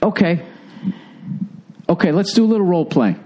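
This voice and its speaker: Profane, high-voiced ranting man. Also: lively intonation, normal speed, dark tone. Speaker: podcast host. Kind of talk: casual comedic chat.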